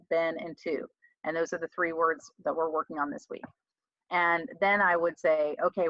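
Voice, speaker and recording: A woman's voice: fairly low pitch, a bit bright, dry recording, highs cut off. A woman tutor giving a casual webinar lesson, chatty and self-deprecating, thinking aloud as she writes. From United States. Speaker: reading tutor presenting a webinar. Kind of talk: casual teaching talk.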